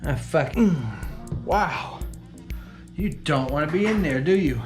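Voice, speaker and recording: A woman's voice: low voice, animated, slow pace, over music. A woman hosting a repair vlog, muttering and swearing in frustration as she works in a hot garage. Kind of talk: casual hands-on repair vlog.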